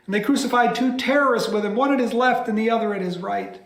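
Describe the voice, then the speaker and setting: High-voiced man telling a story dramatically. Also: fast, creaky. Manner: dramatic, with hushed whispered lines. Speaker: pastor. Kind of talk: by-heart biblical storytelling. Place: church. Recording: echoey church room.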